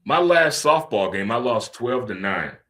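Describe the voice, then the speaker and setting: A man hosting a casual talk radio show, joking and animated, swinging between loud outbursts and low muttering. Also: measured pace. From St. Louis.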